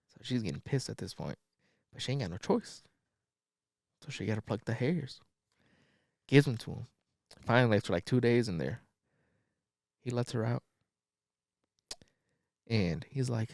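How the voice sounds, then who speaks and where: Podcast guy recapping a movie, swearing a lot, loose and animated, mid voice, dry close mic. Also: medium pitch, normal speed, long pauses, no echo. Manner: loose, profane, animated storytelling with slang. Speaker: podcast co-host. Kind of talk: casual plot recap.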